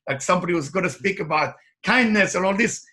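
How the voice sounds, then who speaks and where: High-voiced man giving emphatic motivational talk. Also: fast. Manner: emphatic, animated storytelling in non-native English grammar. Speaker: life coach. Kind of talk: motivational talk with personal stories.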